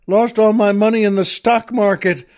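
A man putting on a miserable ruined guy, yelling, raised pitch. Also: steady tone, moderate pace, lightly acted. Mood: despairing. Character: despairing broke man on a ledge.

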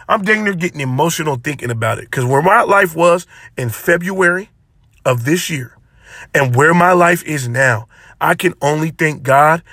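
A man hosts his solo podcast with a high, bright voice, pressing his points with passion and repeating phrases like a sermon. The sound is dry and close, with no room around it. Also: no echo. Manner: impassioned, preachy, repeats phrases for emphasis. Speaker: podcast host. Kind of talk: solo motivational podcast talk.

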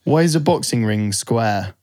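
A man's voice: mid-range voice, lively intonation, normal speed, a little mellow. A man co-hosting a podcast, reading out silly questions in casual chat and laughing a lot. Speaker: podcast co-host.

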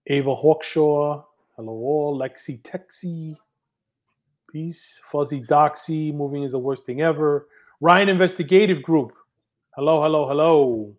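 A man's voice: on the high side, measured pace. A man co-hosting a live streamed podcast, reading viewers' chat messages aloud in an upbeat way. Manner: upbeat, reads names with a lift. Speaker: podcast co-host.

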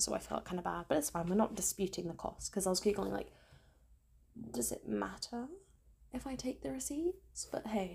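A woman tells a casual storytime to camera, her voice gravelly and croaky with a husky edge. She rambles and giggles at herself, laughing off her own awkward moments. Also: lowish voice, darkish tone. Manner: rambling, self-deprecating, giggly. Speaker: vlogger.

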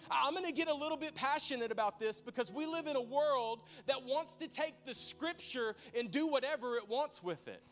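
High-voiced man preaching a lively sermon. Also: fairly quick, hardly any pauses, faint music behind. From Arkansas. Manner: lively, humorous, laughs often, addresses congregation directly. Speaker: pastor. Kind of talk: sermon with storytelling. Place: church.

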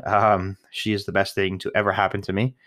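This young man, a new father, has a deep, level voice with a fairly bright tone and speaks a little fast. In a casual monologue to the camera he rambles candidly, curses a lot, and laughs at his own expense, recorded clean in the studio without echo.

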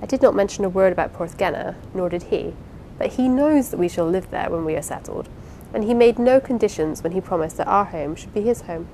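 A woman reading the part of a lively, affectionate young wife in an audiobook, eager and playful. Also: medium pitch, fairly quick, a little hiss or hum, lightly acted, poor audio. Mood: earnest.

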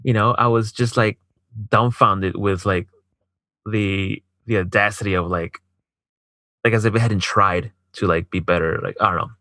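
A man's voice: on the low side, steady tone, moderate pace, sharp tone, no echo. A man telling a personal story in casual chat, swearing a lot, filling his speech with "like", and acting out what others said. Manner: profane, heavy use of filler "like"; acts out quoted dialogue.

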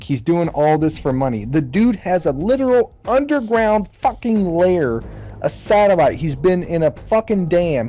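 A man's voice: fairly high pitch, mellow. Ranting podcast guy, dull lo-fi sound. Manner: profane, incredulous ranting. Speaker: podcast co-host. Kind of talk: casual movie recap chat.

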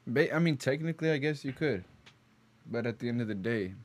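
A young man co-hosting a podcast in casual chat, laid-back, with quick reactions and easy swearing. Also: medium pitch, expressive. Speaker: podcast co-host.

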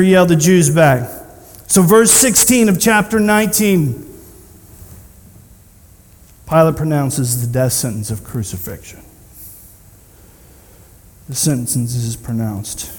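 A man delivers a sermon from the front of a church, telling the story with animated energy. He slips into the voices of the people he quotes. His fairly high voice rings out through a hall with a long reverb. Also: slow pace, pauses often. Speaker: pastor.

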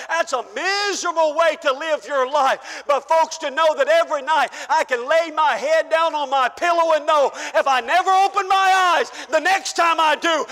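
An older man preaching a fervent sermon as pastor in a church, shouting praise and then dropping to a hush. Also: very high voice, normal speed, hardly any pauses, some chatter behind. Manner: shouting, exclaiming hallelujah, swinging between loud and soft. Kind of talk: pentecostal sermon. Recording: church hall reverb.

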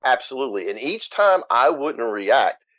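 A man's voice: medium pitch, sing-song, normal speed, a bit bright, no room sound. A man, speaking as an interview guest and telling his story bluntly and frankly. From Louisiana. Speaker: guest, author. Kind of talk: candid interview. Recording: dull lo-fi dry recording.

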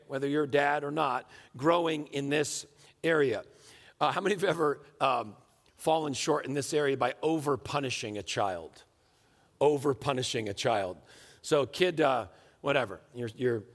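Middle-aged pastor preaching in an echoing hall. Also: male voice, on the high side, vocal fry. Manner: animated storyteller, acts out shouting dad scenes. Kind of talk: sermon. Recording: long reverb of a large hall.

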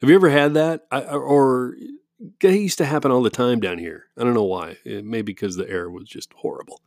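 A man at home, rambling casually into a microphone and breaking into chuckles and mock-quoted asides. His voice sits at an ordinary middle pitch. The sound is dry and close, with no room echo. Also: a little fast, darkish tone. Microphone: studio-style microphone.

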